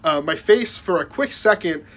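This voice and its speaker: Young man, high voice, rambling with lots of likes and laughs, faint hiss. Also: expressive, moderate pace, a bit bright. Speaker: podcast guest. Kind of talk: casual storytelling chat.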